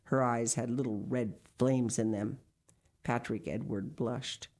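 A woman reading a children's picture book aloud, with lively expression and small asides. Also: rumbling low, measured pace. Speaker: storyteller.

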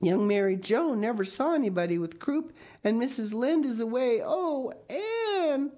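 A woman's voice: fairly high pitch, lively intonation, creaky, warm tone, voice pushed up. A woman reading an audiobook, voicing a frightened young girl who pleads and sobs in a rush. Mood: sobbing. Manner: sobbing, pleading, rushed.

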